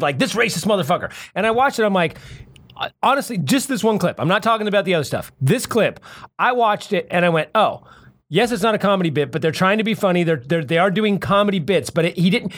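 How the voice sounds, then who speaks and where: A man with a markedly high voice co-hosting a podcast. He rambles in casual chat and swears constantly. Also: a bit bright. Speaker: podcast co-host.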